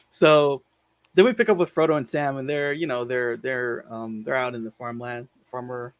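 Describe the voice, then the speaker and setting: A film podcast host speaks in a mid-range voice, a little slow and with frequent pauses. He retells movie scenes in a loose, rambling, laid-back way, stuffing his casual chat with "like" and offhand swearing.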